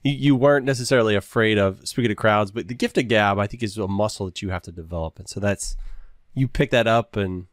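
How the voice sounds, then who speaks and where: Low-voiced man hosting an interview. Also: fast talker, dry recording, studio quality. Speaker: interview host. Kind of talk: casual conversational interview.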